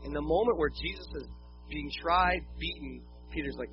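A man's voice: a little high, moderate pace. A man preaching a sermon in a conversational way, with casual jokey asides. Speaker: pastor. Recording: dull lo-fi with faint music.

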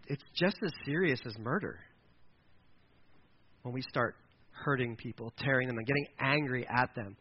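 A man preaching a casual sermon, chatty and loose, with plenty of everyday fillers. His voice sits a little high for a man. The recording is dull and lo-fi, with a faint hiss behind him. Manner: conversational, acts out quoted voices, fillers like "kinda" and "like".

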